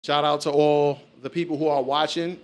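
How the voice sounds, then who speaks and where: A man's voice: a little high, level tone, moderate pace, smooth. A man hosting a casual chat, telling stories loosely and swearing freely. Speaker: podcast host.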